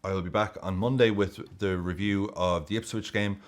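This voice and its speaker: A man with a deep, low voice talks straight to camera as a football video host. His delivery is casual, jokey and excitable, with swearing and self-mocking asides. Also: normal speed. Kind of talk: casual vlog commentary.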